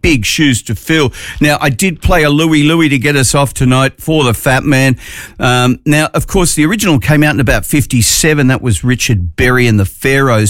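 A man's voice: medium pitch, fairly bright tone, no echo. A man with an Australian accent presenting a community radio show in chatty, jokey, upbeat talk from a studio. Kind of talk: casual radio chat.

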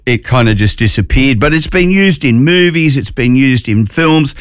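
A man's voice: medium pitch, lively intonation, moderate pace, clear, resonant tone, no room sound. A man with an Australian accent presenting a community radio show in chatty, jokey, upbeat talk from a studio. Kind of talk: casual radio chat.

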